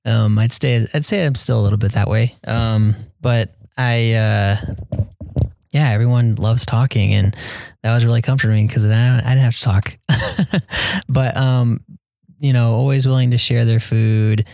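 A young man talking casually as an interview guest about his mission, hesitant, with many pauses and fillers. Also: medium pitch, steady tone, gravelly, no room sound. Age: young adult. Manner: soft-spoken, hesitant with many ums, quotes people in a raised voice.

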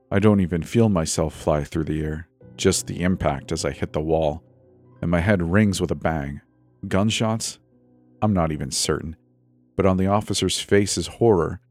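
Man, very low voice, tense horror narration, faint music underneath. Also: a little mellow. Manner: tense, breathless, dramatic. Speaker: storyteller. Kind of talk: first-person horror story narration.

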